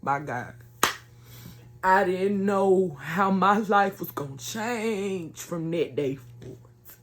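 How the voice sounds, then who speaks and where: A woman's voice: medium pitch, slow pace. A woman telling an emotional personal story to her viewers in an earnest, conversational way. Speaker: vlogger sharing a personal testimony.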